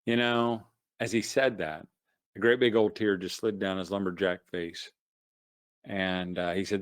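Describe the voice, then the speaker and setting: A middle-aged man giving a casual, motivational webinar talk to homeschooling parents, telling folksy stories full of "you know" and swinging between loud bursts and quiet asides. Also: low-pitched, steady tone, a little slow, clean tone, dry recording, studio quality. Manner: folksy storyteller, many "you know" fillers. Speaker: homeschool speaker.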